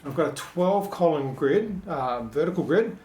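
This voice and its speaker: A man talks his way through a screen-share design lesson, chatty and loose, correcting himself as he goes. His voice sits a little higher than most. The room around him rings with noticeable echo. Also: lively intonation, moderate pace, a little mellow, a little hiss or hum. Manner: chatty, thinks aloud with many ums and self-corrections. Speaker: web designer teaching a tutorial. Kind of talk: casual screen-share walkthrough. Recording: echoey room.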